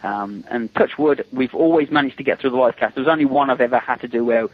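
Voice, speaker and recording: Husky-voiced man telling stories. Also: medium pitch, fast talker, no echo. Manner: chatty and amused, laughing between stories. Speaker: interview guest, special effects makeup artist. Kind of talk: casual anecdotal storytelling. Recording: dull lo-fi recording.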